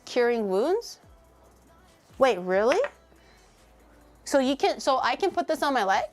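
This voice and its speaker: A woman's voice: high-pitched, sing-song, unhurried, faint music behind. A young woman cooking on a livestream, chatting casually with her viewers, teasing them, swearing and laughing often. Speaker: cooking streamer.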